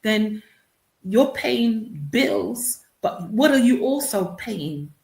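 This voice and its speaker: A woman's voice: a little high, expressive, drawn-out words, vocal fry, darkish tone. A woman speaking as an author and consultant in an interview, explaining things earnestly and often repeating words as she starts a thought again. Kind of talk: radio interview answers. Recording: roomy echo.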